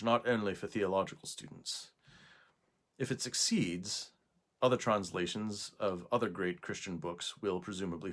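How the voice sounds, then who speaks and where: A man reading a scholarly prose passage aloud in an attempted English accent, measured and deliberate, recorded indoors. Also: sits low.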